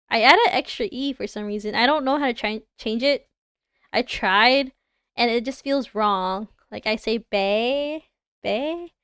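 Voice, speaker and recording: A woman's voice: fairly high pitch, a bit bright, clean tone, no room sound. A young woman with a Canadian accent, chatting casually and giggling as she reacts to viewers on a livestream. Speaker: livestreamer reviewing design work.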